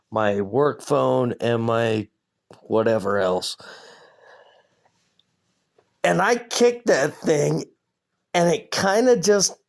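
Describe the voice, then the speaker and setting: A man hosting a podcast alone, ranting casually in a profane, self-mocking way. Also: a little high. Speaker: podcast host. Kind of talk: casual rambling monologue.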